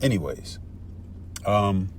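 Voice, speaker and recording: A man with a lowish voice gives a fired-up, cursing Bible lesson, dropping "man" and "bro" all through it. Faint vehicle noise hums behind him. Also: animated, slow pace. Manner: heated and profane, peppered with "man" and "bro". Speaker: street-style scripture teacher. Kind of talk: casual profane Bible teaching.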